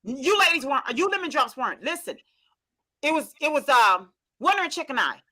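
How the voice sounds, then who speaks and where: An American woman hosts a casual chat with a high, bright voice that leaps up and down in pitch. She talks in animated, exclamatory bursts, stumbling and restarting mid-sentence. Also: brisk. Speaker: host. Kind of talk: casual group chat show.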